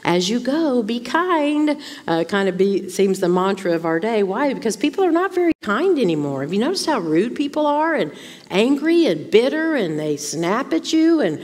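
A woman's voice: medium pitch, big pitch swings, normal speed, a little mellow. A woman gives an informal teaching sermon to a room of women, checking in with frequent rhetorical questions. Her voice sits in a middle register. A long hall reverb trails her words in the church. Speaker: Bible teacher at a women's conference. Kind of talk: conversational sermon.

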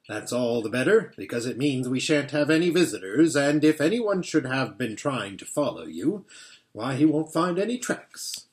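A man's voice: mid-range voice, very animated, normal speed, a little mellow, natural voice. A man reading aloud and voicing a homely, earnest male beaver with a folksy, emphatic way of talking. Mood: cosy.

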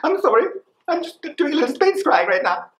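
Performer putting on a whiny robot officer, high and weepy. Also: sing-song, brisk. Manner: whiny, pitched up, mock-sobbing.

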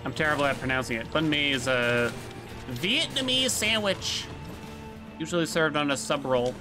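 A man streams a game and chats casually to his viewers, rambling and cracking jokes as he plays. His voice is a little high, with lively intonation at a moderate pace, and music plays underneath.

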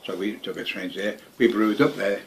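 An older man speaks in a rather low, gruff tone, telling his story at home in a loose, meandering way. He swears constantly and keeps repeating words. Faint household ambience sits behind him. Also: fairly even intonation, normal speed, slight background noise. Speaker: veteran interviewee. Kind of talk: casual reminiscing.

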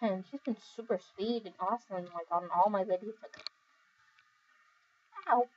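A tired young woman reading viewer comments in a casual, rambling chat, giggling often and filling pauses with "um" and "like". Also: medium pitch, darkish tone, highs cut off, slight background noise. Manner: giggly, rambling, with many fillers. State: overly tired. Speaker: video creator reading comments.

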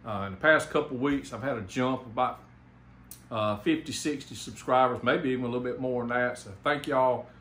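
A man's voice: mid-range voice, a little fast, fairly bright tone. A man from South Carolina with a Southern accent, giving a rambling, enthusiastic channel update as a home theater YouTuber, with lots of fillers and restarts. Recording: echoey room, faint background noise.

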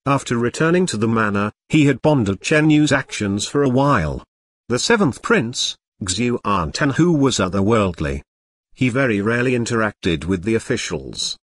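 A man reading a novel aloud as an audiobook narrator, in a steady, even scripted delivery. His voice sits at a middle pitch. The sound is close and dry, with no room around it. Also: no echo.

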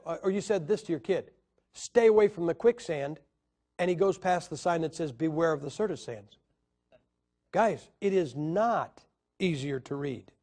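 A man whose voice is a little high and a little mellow leads a Bible class as a lecture. He is emphatic, counting out syllables and directing questions at his listeners.

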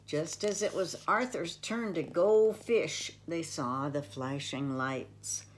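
Older woman, children's storybook reading, slow, gentle, expressive. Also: deep voice.

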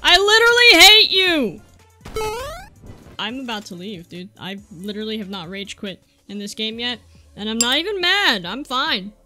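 A woman giving excitable gameplay commentary, yelping, shouting and mock-raging at the game. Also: medium pitch, normal speed, over music. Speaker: gaming YouTuber.

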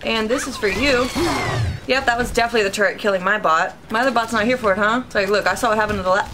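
A woman's voice: medium pitch, fast talker, sharp tone, slight background noise. A young woman giving casual let's-play commentary, chatty and reactive, talking to her viewers with sudden yelps. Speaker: gaming YouTuber.

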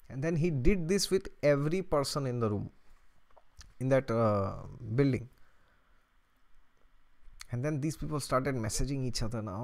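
A man's voice: medium pitch, moderate pace, pauses often, darkish tone. Chuckling man hosting an astrology channel. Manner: chatty, often breaks into chuckles. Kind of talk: casual storytelling to camera.

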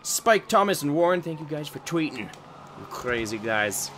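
A man chatting excitedly to his viewers while he plays a game, with game sounds and music behind him. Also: fairly high pitch, a little slow, slight background noise. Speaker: gaming streamer. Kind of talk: casual let's-play commentary.

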